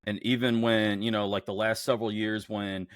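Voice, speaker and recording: A man's voice: on the low side, moderate pace, no room sound, studio quality. A man co-hosting a casual sports podcast, ranting heatedly and cursing freely about his home team's rivals. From Houston area. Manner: heated, profane, animated rants. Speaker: podcast co-host.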